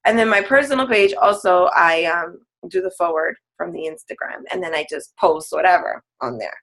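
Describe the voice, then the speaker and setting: At a moderate pace, a woman fitness coach with a lowish, fairly bright voice chats as a guest on a team call. Laughter comes often, and "like" fillers run all through her easygoing talk.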